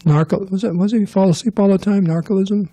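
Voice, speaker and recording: A man's voice: sits high, steady tone, fairly quick, mellow, slight background noise. A man giving a casual scripture class, rambling and joking with digressions. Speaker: temple class speaker.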